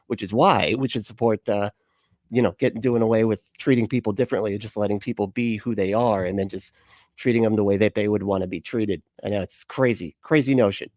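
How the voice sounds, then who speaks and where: A man in his thirties, low-voiced, gives casual reaction commentary. He rambles, swears freely and restarts his sentences. The sound is dry and close, with no room echo. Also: fairly even intonation, brisk, a little mellow. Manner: rambling, profane, frequent restarts and laughs. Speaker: reaction video host.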